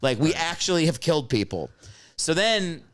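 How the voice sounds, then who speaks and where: Lively, animated man telling a story. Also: fairly high pitch, normal speed. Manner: animated storyteller, swearing, laughing. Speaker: podcast host. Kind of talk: casual chat.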